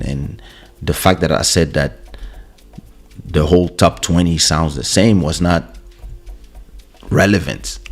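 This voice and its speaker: Male host, very low voice, laid-back anecdotal delivery with stammered restarts, podcast mic. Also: slightly rough. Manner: relaxed anecdotal, stammering repeats. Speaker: host and musician. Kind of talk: casual storytelling. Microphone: studio podcast microphone.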